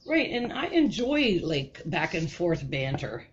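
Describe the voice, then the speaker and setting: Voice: medium pitch, sing-song, unhurried. A speaker on a casual group audio chat, agreeing and chiming in with short replies. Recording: dull lo-fi audio with faint noise.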